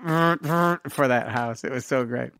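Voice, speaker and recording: A middle-aged man telling stories in a casual interview, animated, laughing often and acting out what people said. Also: mid-range voice, takes it slowly, gravelly, no echo. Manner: animated storyteller, laughs often, acts out quotes. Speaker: filmmaker guest.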